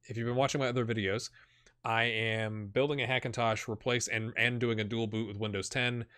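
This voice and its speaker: A man's voice: medium pitch, a little fast, clear, resonant tone, no room sound, studio quality. A man giving casual commentary on a football management game, talking to his players on screen and chatting with viewers. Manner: excitable, talks to the players on screen. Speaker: gaming YouTuber. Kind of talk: casual Let's Play commentary.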